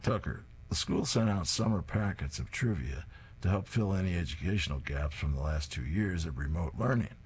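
A man's voice: low-pitched, lively intonation, moderate pace, a little hiss or hum. A man reading comic strips aloud, describing each panel in a plain, descriptive way. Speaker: reader.

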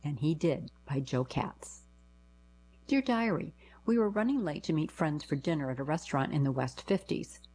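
A woman's voice: low-pitched, expressive, moderate pace, mellow, husky, rough recording. A woman reading short first-person anecdotes aloud, giving quoted lines a lift in her voice.

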